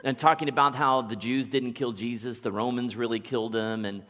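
A man preaching a sermon as a pastor, relaxed and conversational, telling stories and chuckling now and then. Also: medium pitch, a little fast, in a large hall. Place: church sanctuary.

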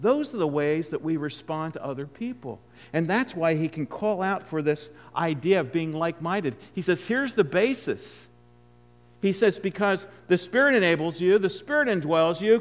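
A male preacher giving an expository sermon, emphatic, with loud stresses and hushed asides. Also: high voice.

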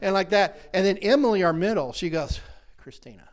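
A middle-aged man telling stories in casual chat, animated, laughing often and breaking off his own sentences. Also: sits high, a little fast.

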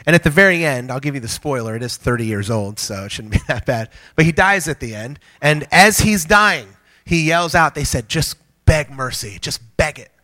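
A man with a fairly high voice delivers a sermon to a congregation in a church hall. He talks in a lively, conversational way and jokes with the listeners between his points. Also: a little fast. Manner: joking with the congregation, energetic and conversational. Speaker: pastor.

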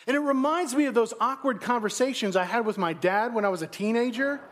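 A man's voice: very high voice, a little fast, a bit bright. A man pastor giving a sermon in a conversational, self-deprecating way, often asking the congregation questions.

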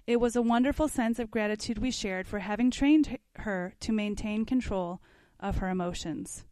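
A parenting class teacher with a mid-range, darkish voice at normal speed reads from a book, then comments casually and poses questions to the group. Her tone is conversational, with no room sound.

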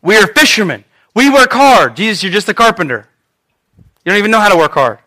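A man's voice: high voice, very animated, a little fast, sharp tone, heavily acted. A male preacher voicing Simon, a tired fisherman grumbling about hard, fruitless work. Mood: complaining. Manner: complaining, then reluctantly giving in.

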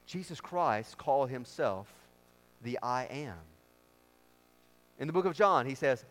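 A man's voice: mid-range voice, expressive, a little slow, long pauses, a bit bright. A man preaching a sermon as pastor, with an emphatic, repetitive cadence. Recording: long reverb of a large hall.

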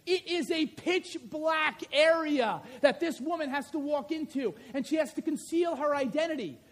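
A male preacher with a high, light voice delivers a sermon. He tells it like a story, acting out the scenes as he goes. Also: moderate pace. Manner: animated storytelling, acts out scenes.

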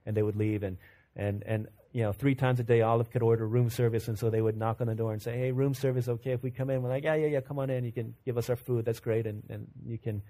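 A man's voice: mid-range voice, steady tone, quick pace, dark tone. A male pastor preaching a sermon in a conversational storytelling way, often repeating and restarting words as he builds to fervent points.

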